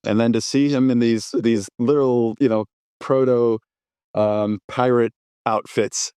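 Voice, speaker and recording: A man on a film podcast with a smooth, resonant voice at a middle pitch. He's thoughtful and often trails off and restarts mid-thought. The recording is close and dry. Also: fairly even intonation, unhurried, mellow, no echo. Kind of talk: casual film podcast chat.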